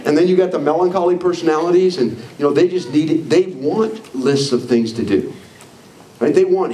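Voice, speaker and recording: Male speaker with a fairly high voice, upbeat trainer style, recorded from far off in an echoey hall. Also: a little fast. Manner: energetic, acts out quoted people in animated voices. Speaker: leadership trainer. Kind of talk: motivational training talk to a live audience. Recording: echoey hall, mic from far off, faint noise.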